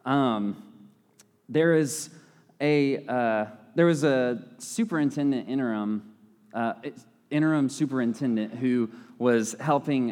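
A man's voice: medium pitch, a little mellow. A young man giving a casual sermon, talking conversationally with playful asides and frequent self-corrections. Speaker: lay preacher. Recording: long hall reverb.

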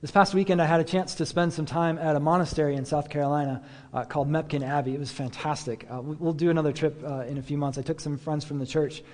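A casual-sounding pastor in a reverberant hall. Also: male voice, on the high side, steady tone, quick pace, a little mellow. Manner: casual, many fillers, rhetorical questions. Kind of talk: conversational sermon. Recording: echoey hall with long reverb.

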